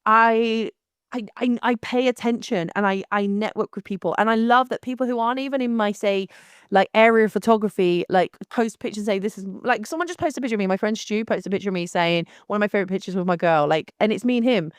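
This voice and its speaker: A young woman, hosting her own podcast in a blunt, animated, casual monologue with frequent restarts. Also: a little high, quick pace, clean tone, dry recording, clean studio sound.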